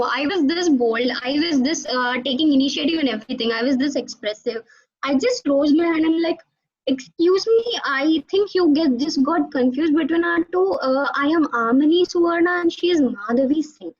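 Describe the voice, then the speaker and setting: A young woman, giving an animated alumni talk to students over a video call. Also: high-pitched. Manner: animated storytelling, addresses audience directly. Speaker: alumni guest speaker. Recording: dull lo-fi video call audio.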